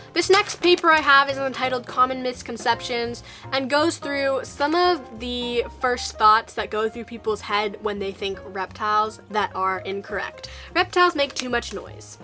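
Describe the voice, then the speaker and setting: A young woman talks straight to camera from her room in a chatty storytime vlog. Her voice sits a little high and sounds bright and crisp. It lifts brighter still as she reads her old letters aloud, with faint music playing softly underneath. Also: moderate pace. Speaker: vlogger.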